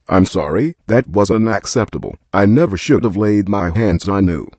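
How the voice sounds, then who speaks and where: A man's voice: fairly low pitch, a little mellow, breathy edge, no echo. A man voicing a short-tempered alien loner in a fan cartoon, blunt and foul-mouthed. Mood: apologetic. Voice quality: profane, blunt.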